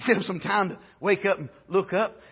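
Husky, high-pitched shouting preacher. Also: male voice, normal speed, muffled recording. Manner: swings from shouted high exclamations to low quiet asides. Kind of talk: sermon.

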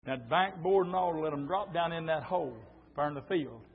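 A middle-aged man preaches a sermon, telling stories that build into shouting, captured on a dull lo-fi church recording. His voice is fairly high and husky, at a normal speed.

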